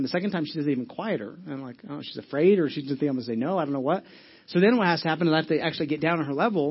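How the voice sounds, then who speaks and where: A man in his thirties preaching a sermon as a pastor, in a conversational way, often repeating words and swinging between loud and soft. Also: on the high side, husky, dull audio.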